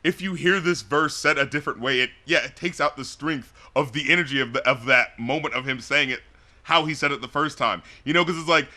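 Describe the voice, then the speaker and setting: Podcast co-host, male, slightly high and very bright voice, rambling and animated. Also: fairly quick. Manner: animated, rambling, laughs often, acts out rap lines. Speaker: podcast co-host reviewing albums. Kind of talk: casual chat.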